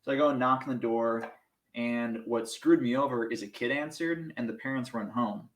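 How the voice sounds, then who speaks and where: Young male podcast guest, casual storyteller, self-mocking, laughs often, middle pitch. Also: moderate pace, echoey room, poor audio. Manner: animated, self-mocking, laughs through stories.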